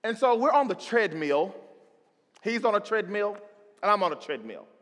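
A man's voice: high voice, animated, moderate pace, fairly bright tone. A man telling a stand-up story, acting out the scenes with sound effects. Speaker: stand-up comedian. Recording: echoey hall.

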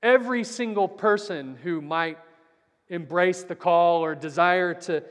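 Brief: earnest male preacher, higher voice, church hall with long reverb. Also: a little slow. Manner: storytelling, earnest, swings from loud to very soft. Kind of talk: Sunday Bible class sermon.

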